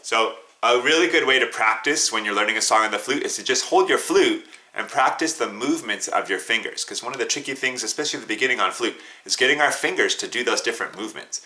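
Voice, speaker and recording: A man's voice: lowish voice, lively intonation, fast talker, hardly any pauses, bright, forceful tone. A man teaching a beginner flute lesson, patiently coaching students, counting them in and singing note names and tonguing syllables.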